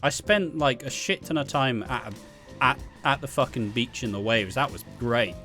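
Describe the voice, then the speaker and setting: A young man telling casual, profane stories, with animated delivery and laughing asides. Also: mid-range voice, normal speed, soft background music. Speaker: vlogger. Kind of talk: casual storytime monologue.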